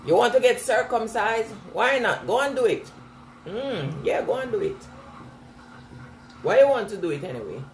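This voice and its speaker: A woman's voice: fairly high pitch, sing-song, moderate pace, long pauses, distant mic, slight background noise. A woman with a noticeable accent, chatting casually with her viewers and answering their comments while washing her hair. She laughs often and repeats herself as she replies. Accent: non-standard English accent. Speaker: vlogger reading live chat. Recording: echoey room with clear background ambience.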